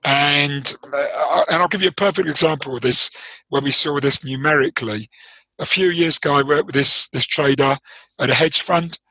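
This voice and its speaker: A man's voice: on the high side, normal speed, pushed and bright, slightly rough, dry recording, rough recording. A man with a London accent, a trading coach explaining his ideas in an interview, thoughtful and prone to restarting his sentences. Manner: thoughtful, explanatory, with frequent restarts and repeated words. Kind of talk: interview conversation.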